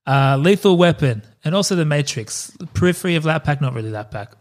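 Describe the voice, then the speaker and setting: A man's voice: a little high, expressive, a little fast. Aussie guy cohosting a podcast, chatty storyteller, drops swears, goes off on tangents. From Australia. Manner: loose storytelling with swearing and asides. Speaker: podcast co-host. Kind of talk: casual chat.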